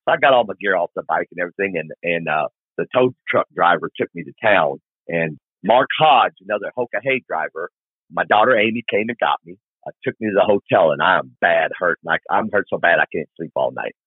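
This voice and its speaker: A man's voice: low voice, brisk, slightly rough, no echo, narrow, tinny audio. A middle-aged man from Arkansas, rambling through a long motorcycle story as a podcast guest and acting out the people in it. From Arkansas, USA. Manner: rambling, animated retelling with quoted dialogue. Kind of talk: casual storytelling.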